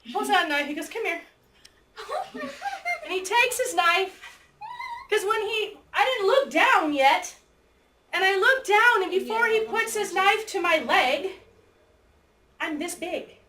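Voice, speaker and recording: High, lively woman telling a story to a class. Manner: acts out both sides of the story, with squeals and shouts. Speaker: teacher. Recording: echoey room, mic far off, faint noise.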